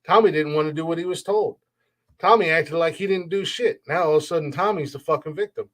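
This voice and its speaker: A man's voice: fairly high pitch, quick pace. A man hosting a solo podcast, ranting bluntly and profanely in a heated, restarting way. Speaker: podcast host. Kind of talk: opinionated solo podcast rant.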